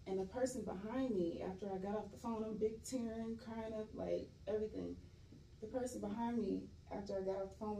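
A woman's voice: mid-range voice, vocal fry, mellow. A young woman from California, an actress guest talking candidly and laughing often in a casual interview. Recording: roomy echo, voice a bit far from mic, faint noise.

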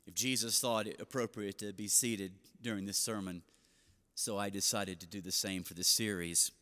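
A man's voice: lowish voice, normal speed. A middle-aged man preaching a seated sermon, telling stories and acting out quoted voices. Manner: storytelling, animated quoted voices. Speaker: pastor. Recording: long hall reverb.

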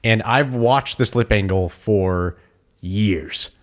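A man's voice: fairly low pitch, takes it slowly. Laid-back man chatting on a podcast. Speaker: podcast host. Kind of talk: casual chat.

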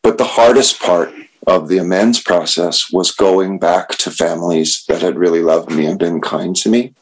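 A man telling a candid personal story about his recovery, halting and self-deprecating. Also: deep voice, steady tone, breathy edge, poor audio. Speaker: speaker sharing recovery story.

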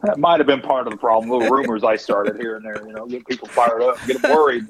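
A man's voice: medium pitch, quick pace, a crowd in the background, low-quality recording. A middle-aged man with a Texan accent, hosting a cooking show with folksy, chuckling banter and jokes. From Texas. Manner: folksy, chuckling, drawling asides. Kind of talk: casual banter and joke telling.

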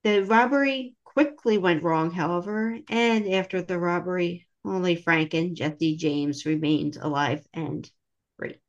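A woman's voice: fairly low pitch, measured pace, highs cut off. A woman co-hosting a casual history podcast, reading from notes with wry asides. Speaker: podcast co-host.

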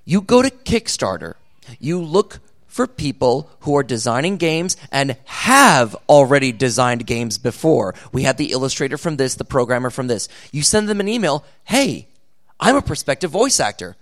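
A man speaking on a convention panel, giving animated, jokey advice on voice acting. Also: mid-range voice, moderate pace.

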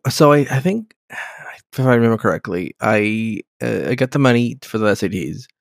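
A man's voice: on the low side, lively intonation, moderate pace, creaky, no echo. Rambling, laid-back man on a dry mic. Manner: rambling, profane, laughs often. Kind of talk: casual chat.

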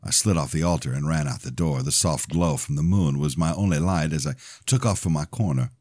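A man with a very low, deep voice reads his own novel aloud in steady first-person narration. The sound is dry and close, with no room around it. He keeps an even pace as a podcast host sharing his fiction. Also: brisk, no echo.

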